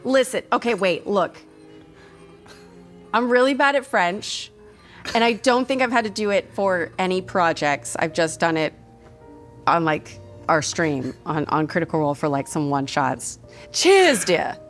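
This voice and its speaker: A woman's voice: on the low side, moderate pace, soft background music. A woman in her forties, a voice actor, chatting playfully over a meal and laughing often. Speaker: guest, voice actor. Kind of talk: casual chat over a meal.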